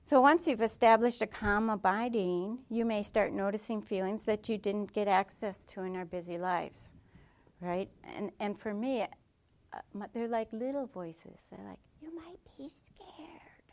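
A woman meditation teacher with a mid-range voice gives a dharma talk at a normal speed. Her manner is gentle and reflective, sprinkled with soft asides.

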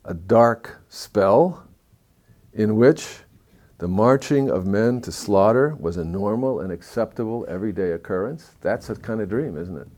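A man telling a story in a talk, moving between hushed, somber passages and lively, excited stretches. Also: fairly low pitch, a little slow.

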